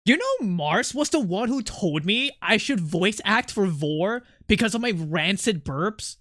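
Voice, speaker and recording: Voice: mid-range voice, big pitch swings, unhurried, a bit bright, no room sound, clean studio sound. A streamer who chats with viewers while drawing, rambling and joking, swearing a lot and laughing often. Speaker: art streamer chatting with viewers. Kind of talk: casual live-stream chat.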